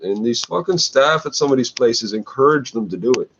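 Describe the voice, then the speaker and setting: A man's voice: mid-range voice, animated, a little fast, fairly bright tone, highs cut off, slight background noise. A man ranting bluntly to camera, swearing often and tagging lines with "eh". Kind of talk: rambling profane rant to camera.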